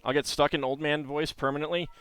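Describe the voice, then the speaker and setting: Man, live-stream commentary, rambling, smooth clear voice, faint music behind. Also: on the high side, steady tone, fast, a bit bright. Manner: thinks aloud, hesitant and rambling.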